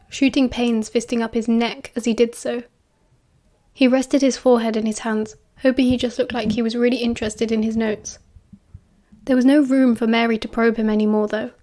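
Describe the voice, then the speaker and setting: A woman with a British accent reading a novel aloud as audiobook narration, dropping softly into hushed voices for the dialogue. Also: fairly high pitch. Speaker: fan audiobook reader.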